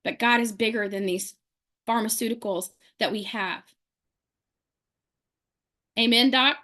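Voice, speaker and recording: A woman telling an animated story to a group, acting out the people she quotes. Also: medium pitch, moderate pace. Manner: lively, acts out quoted people in her story. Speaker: speaker sharing a testimonial.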